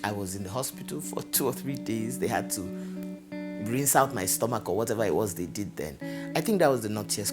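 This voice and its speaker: A woman with a Nigerian English accent and a deep voice is interviewed, telling candid personal stories in a brisk, lively, chatty way and breaking into laughter. Her voice is recorded over a guitar music bed playing behind her.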